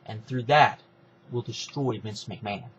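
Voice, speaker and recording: A man's voice: lowish voice, a little slow, fairly bright tone, a little hiss or hum. A man voicing a scheming, persuasive middle-aged wrestling executive who talks his rival into a plot, in a slightly muffled recording. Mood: scheming pitch.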